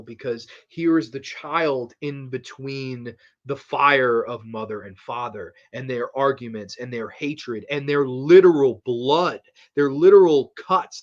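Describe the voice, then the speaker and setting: A man hosting a podcast, giving a casual horror film review in an animated, rambling, profane way. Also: medium pitch, dull audio. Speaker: horror movie podcast host.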